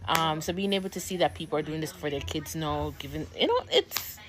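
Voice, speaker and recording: A woman's voice: low-pitched, brisk. A woman from Jamaica, chatting casually and enthusiastically about videos she enjoys watching. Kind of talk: casual commentary.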